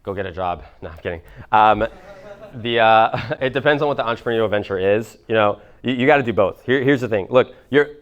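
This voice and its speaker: A man's voice: lowish voice, brisk, lo-fi sound. A man in his twenties, a business coach answering audience questions, talking casually with lots of fillers and swearing. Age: 20s. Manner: acts out others' voices in quoted dialogue. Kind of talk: live coaching Q&A.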